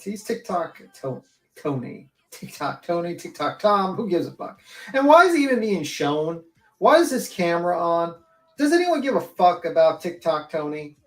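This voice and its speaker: A woman's voice: fairly low pitch, very animated, normal speed. Ranting woman on an echoey stream. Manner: blunt, swearing, ranting. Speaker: livestream panelist. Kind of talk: casual chat. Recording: echoey room.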